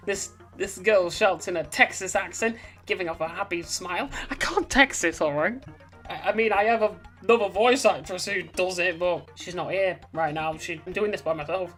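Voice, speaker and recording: A woman's voice: on the low side, unhurried, faint music behind. A woman reading her own story aloud in a casual way, stopping often for chatty, rambling asides. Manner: rambling, chatty, self-interrupting.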